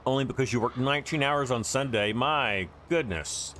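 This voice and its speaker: A man's voice: medium pitch, fairly even intonation, fast talker, a bit bright, slight background noise. A man hosting a casual gameplay livestream, chatting to viewers and greeting them by name as he plays. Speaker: livestream host.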